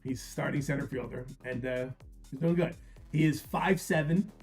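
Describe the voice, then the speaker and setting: A man's voice: medium pitch, normal speed, a little mellow, soft background music. A middle-aged man hosting a live stream, talking casually and bluntly, swearing freely, telling stories and chatting with viewers by name. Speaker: live card-break stream host.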